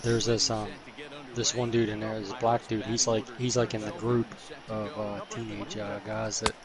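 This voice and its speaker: A gaming video host with a fairly low, flat voice chats casually at a moderate pace while he plays. He rambles through slangy stories as stadium crowd noise from the game plays in the background.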